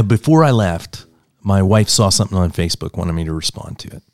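A man, a pastor, telling stories earnestly in a church conversation and building to loud emphasis. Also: deep voice, no echo, studio quality.

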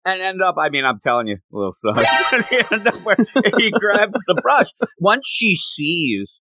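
A man chatting casually as a podcast co-host, animated and giggly, acting out the characters he talks about. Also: sits high, normal speed, over music. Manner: animated, giggly, acts out quotes. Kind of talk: casual chat recapping a comic.

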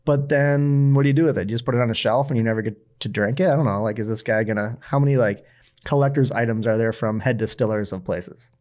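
A man's voice: mid-range voice, fast talker. A man hosts a casual podcast in an ordinary mid-range voice. He tells his stories with animation and acts out what other people said. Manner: animated storyteller, acts out quotes. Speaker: podcast host. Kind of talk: casual chat, storytelling.

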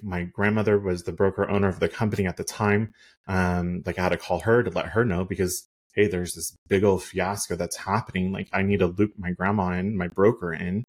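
A man with a very low, husky voice tells a story in casual podcast style. He rambles, filling his talk with "like" and "um". He sounds heated and indignant. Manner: rambling, many "like" and "um" fillers. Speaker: realtor.

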